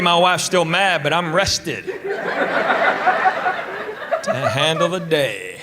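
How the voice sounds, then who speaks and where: A middle-aged man with a Southern American accent, telling stand-up comedy stories in a drawling, conversational way and bantering with the crowd. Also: on the high side. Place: comedy stage before a live audience. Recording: live stage recording with loud crowd laughter and noise.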